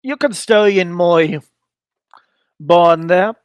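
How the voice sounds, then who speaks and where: A friendly, folksy hobbit farmer, as a man puts him on, speaking in a slightly high voice. The sound is dry and close. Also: slow pace, smooth, dry recording. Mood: hospitable. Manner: folksy, calls him lad.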